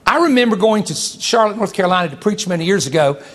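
A preacher man delivering a lively sermon. His voice sits high for a man, and he leaps into sharp exclamations and laughs while speaking to his congregation. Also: fast.

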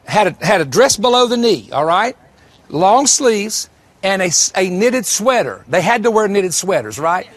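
A man's voice: sits high, very animated, normal speed. A man preaching a sermon, telling stories and repeating key lines for emphasis. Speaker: pastor.

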